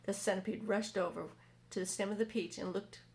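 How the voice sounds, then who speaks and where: A woman reading a children's book aloud in a community hall, steady with small slips and self-corrections. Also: medium pitch, brisk. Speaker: reader.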